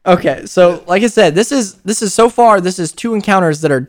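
An American man hosting a casual paranormal podcast, telling stories in an animated way with frequent laughs. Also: high-pitched, brisk. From United States. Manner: animated storyteller, laughs often, acts out quotes. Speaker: podcast host.

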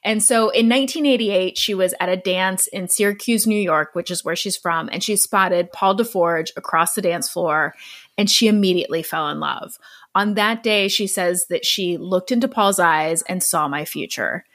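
A woman's voice: lowish voice, normal speed, a bit bright. Chatty woman podcast host telling a story. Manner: chatty, laughs easily, earnest.

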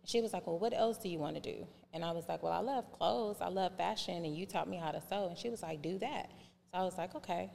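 Low-voiced woman telling stories in a reverberant room. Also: fast talker, vocal fry. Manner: animated, acts out remembered dialogue in voices. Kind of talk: casual podcast storytelling. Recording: reverberant room with faint background noise.

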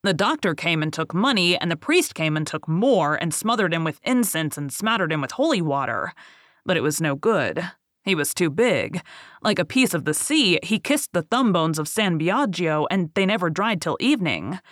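A reader voicing a weary, bitter older male boatman who tells a grave tale in a steady storytelling voice. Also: medium pitch, moderate pace, dry recording, clean studio sound, lightly acted. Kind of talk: audiobook reading.

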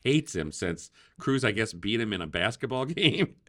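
A man's voice: fairly low pitch, very animated, moderate pace, fairly bright tone. A man hosting a casual political talk show, chatty, laughing often and using many fillers. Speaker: podcast host.

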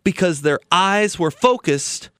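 A man's voice: sits high, lively intonation, measured pace, a bit bright, clear, resonant tone, dry recording, studio quality. A man hosting a retirement planning podcast, telling a story in an earnest, persuasive way.

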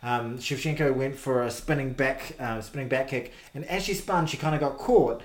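A man's voice: mid-range voice, normal speed. New man in a roomy echo. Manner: rambling, playful, crude storytelling. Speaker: podcast co-host. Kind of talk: casual chat.

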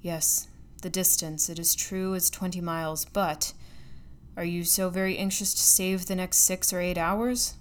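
A bitter old man of science, shut away from the world, speaks in a low, grave and measured way, voiced by a woman reading a storybook. The tone sits on the lower side. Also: fairly even intonation, a little hiss or hum, close to an everyday voice. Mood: calm.

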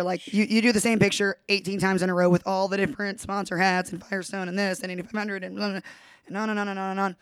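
A woman's voice: mid-range voice, clean tone, no room sound. A woman hosting a casual chat, telling stories in a bubbly, gushing way. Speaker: show host.

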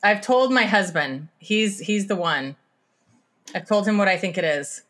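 Bright-voiced, chatty woman hosting a podcast. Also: medium pitch, expressive, measured pace. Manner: chatty, wry, good-humored. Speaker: podcast host. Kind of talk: casual podcast chat.

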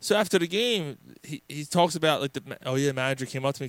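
A man co-hosting a casual sports podcast, telling stories in an animated, profane way with many restarts. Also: a little high, fast talker, no room sound. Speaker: podcast co-host.

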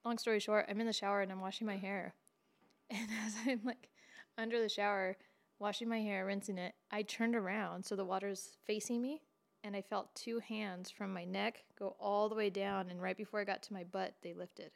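A woman's voice: medium pitch, normal speed, vocal fry. A woman co-hosting a casual chat podcast, telling stories with frequent laughter. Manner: laughs often, animated storytelling. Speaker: podcast co-host.

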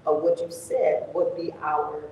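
A woman tells stories in lively casual chat, voicing every side of an argument. She sounds distant from the mic, in a very echoey room with a long reverb tail and faint background noise. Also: deep voice, measured pace. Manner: animated, retells arguments with quoted dialogue. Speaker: co-host.

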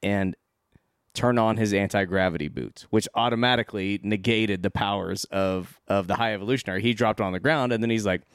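A man's voice: on the low side, fairly quick, clean tone, no room sound, studio quality. A man co-hosting a podcast, casually recapping a film in a rambling, profane way. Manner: rambling, profane, acts out lines from the movie. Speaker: podcast co-host. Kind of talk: casual movie discussion.

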